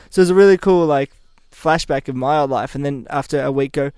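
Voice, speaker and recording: A man talking fast and telling stories with easy, casual swearing. His voice is smooth and slightly higher than most, and it sounds close and dry in a small shed. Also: a little mellow, no room sound. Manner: quick, storytelling, swears casually. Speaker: band member on commentary track. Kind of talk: casual chat. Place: backyard shed.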